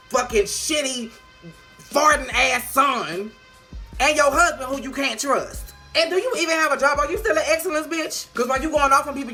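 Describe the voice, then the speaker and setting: A woman giving a casual video review of a TV episode, sassy, animated and full of profanity. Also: on the high side. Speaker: TV show reviewer.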